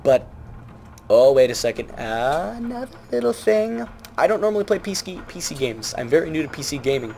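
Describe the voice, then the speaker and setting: A man's voice: a little high, very animated, normal speed, vocal fry, darkish tone, slight background noise. A young man giving a rambling, joking let's play commentary from home at night. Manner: rambling, joking, self-mocking. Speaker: gamer. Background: game music.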